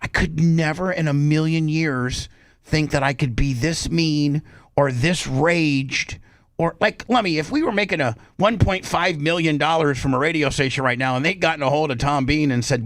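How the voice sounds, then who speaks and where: Loud-mouthed radio guy telling a story, cusses a lot, acts out the back-and-forth, dry mic. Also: fairly high pitch, dry recording. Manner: brash, profane, acts out both sides of arguments. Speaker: radio host. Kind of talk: casual storytelling on talk radio.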